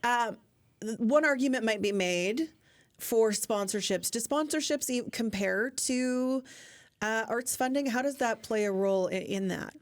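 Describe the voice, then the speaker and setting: A woman's voice: a little high, unhurried, no room sound, clean studio sound. Friendly woman host. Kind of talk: moderating a panel discussion.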